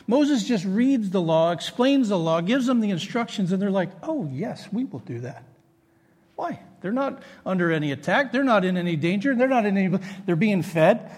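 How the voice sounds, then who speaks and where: Pastor guy preaching, kinda husky, lots of echo from the hall. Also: high-pitched. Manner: animated, conversational preaching with jokes and acted quotes. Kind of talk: sermon. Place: church hall with congregation. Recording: echoey church hall.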